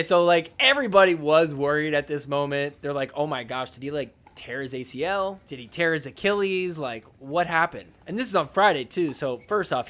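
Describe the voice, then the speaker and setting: A man hosting a podcast, giving a casual, animated recap over sports clips and laughing at the players. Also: on the high side. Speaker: podcast host.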